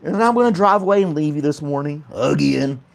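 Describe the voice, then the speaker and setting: A man's voice: on the high side, animated, brisk, vocal fry. A man hosting a casual morning chat show, joking and laughing often while a pet clings to his arm. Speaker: host.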